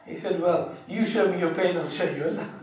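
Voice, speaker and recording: A man teaching an Islamic lesson, telling stories with lively acted-out voices. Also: sits high, moderate pace. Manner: animated storyteller who acts out quoted voices and laughs. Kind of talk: sermon with told anecdotes. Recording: echoey hall, voice from far off.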